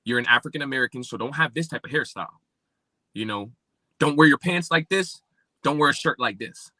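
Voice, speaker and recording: A man from Pennsylvania, a podcast guest telling his life story and acting out remembered dialogue with big swings in pitch. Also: a little fast, bright, forceful tone, no room sound. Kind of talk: personal storytelling in an interview.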